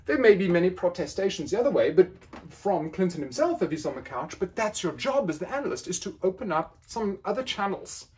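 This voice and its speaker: A man's voice: high voice, big pitch swings, fairly quick, a little mellow, husky. A man lecturing in an academic style, playfully acting out quoted phrasings with questioning tones.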